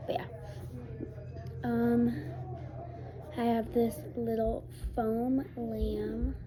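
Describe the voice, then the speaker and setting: A young woman with a slightly high voice talks slowly through a casual at-home vlog. She fills her sentences with "like" and "um". A loud TV chatters in the background. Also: flat delivery, crowd noise. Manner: chatty, lots of "like" and "um" fillers. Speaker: vlogger. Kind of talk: casual show-and-tell vlog. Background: TV playing in the background.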